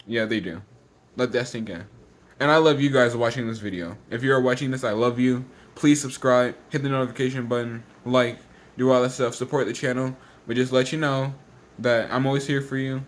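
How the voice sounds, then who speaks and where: Exasperated teenage boy ranting fast. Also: mid-range voice, steady tone. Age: teens. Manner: rushes words out, exasperated and repetitive. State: slightly out of breath. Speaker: vlogger. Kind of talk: casual ranting vlog.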